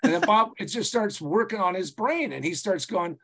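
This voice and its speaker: A man telling stories as a consultant guest on a podcast interview, rambling and animated, full of "you know" and restarts, swearing casually. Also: sits high, moderate pace, slightly rough.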